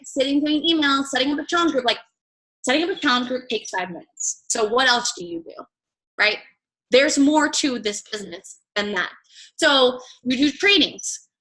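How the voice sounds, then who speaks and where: A woman's voice: sits high, sharp tone, poor audio. A young woman leading a team training call as coach, chatty and blunt, swearing freely and filling her talk with "like" and "right?".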